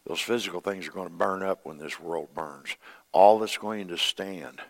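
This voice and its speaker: Low-voiced man preaching a sermon. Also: moderate pace, vocal fry. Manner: preaching with swings between loud emphasis and hushed, quiet passages. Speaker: pastor.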